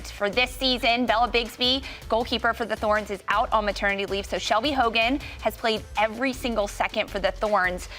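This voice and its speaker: A woman's voice: fairly high pitch, fairly bright tone. A woman hosting a sports talk show, reading news items and passing questions to her panelists. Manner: reads news segments, then throws to panelists. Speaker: host.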